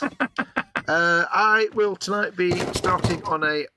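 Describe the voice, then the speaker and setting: A man's voice: high-pitched, noisy background. A man co-hosting a live hobby stream, chatting casually with playful interjections. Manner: playful, quick interjections and laughter. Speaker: co-host of a live modelling stream. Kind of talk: casual chat.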